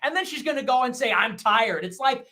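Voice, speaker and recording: Male streamer, bright-toned, rants fast and scornfully with crude language. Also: very high-pitched. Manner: fast, profane, scornful with mocking laughs. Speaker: livestream commentator. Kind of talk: ranting monologue.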